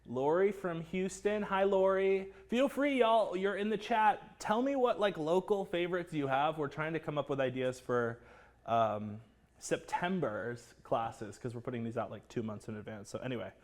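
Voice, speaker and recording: A man hosts a live cooking class, his voice sitting a bit high. He is chatty and excitable, greeting viewers by name and riffing between steps. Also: moderate pace.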